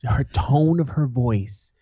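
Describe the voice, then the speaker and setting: A man's voice: mid-range voice, slow, warm tone, slightly rough, no echo. A man co-hosting a podcast, telling stories in a blunt, profane, aggressive way. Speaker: podcast co-host. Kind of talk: casual storytelling chat. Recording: slightly dull, lo-fi sound.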